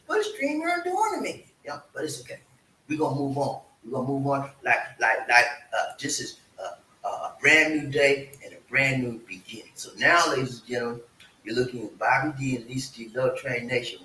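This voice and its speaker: A man's voice: medium pitch, brisk. A man hosting a casual livestream show, talking in a folksy way and calling on his audience to answer him. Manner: lively, folksy, calls for audience response. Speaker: show host. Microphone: streaming setup. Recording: echoey room, mic at a distance, faint hiss.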